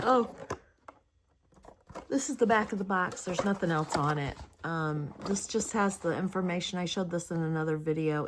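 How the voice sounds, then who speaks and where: A woman's voice: sits low, slight background noise. A woman hosting a crafting video, rambling chattily about a kit with many hesitations while yawning and sleepy. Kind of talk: casual product review chat.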